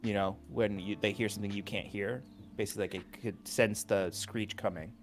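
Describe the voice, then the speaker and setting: Guy cohost, kinda low voice, stumbly and jokey, casual chat, faint music in back. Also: fairly even intonation. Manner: halting, hesitant, joking. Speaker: podcast co-host, game master.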